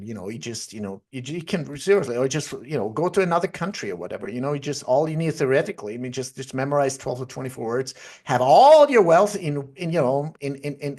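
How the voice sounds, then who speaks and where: A man hosting a livestream podcast, ranting heatedly and swearing often, with many restarts and trailing asides. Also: mid-range voice. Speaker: podcast host.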